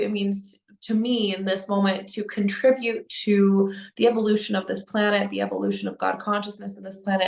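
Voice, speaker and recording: A young adult woman telling a personal spiritual story to camera in an earnest, halting way, with frequent restarts and fillers. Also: mid-range voice, creaky. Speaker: spiritual vlogger. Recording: echoey room.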